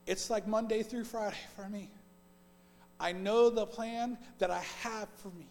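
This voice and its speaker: High-voiced male pastor preaching in a reverberant church. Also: fairly even intonation, unhurried, darkish tone, slight background noise. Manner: repetitive, list-like delivery. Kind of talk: sermon. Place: church sanctuary. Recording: long reverb of a church hall.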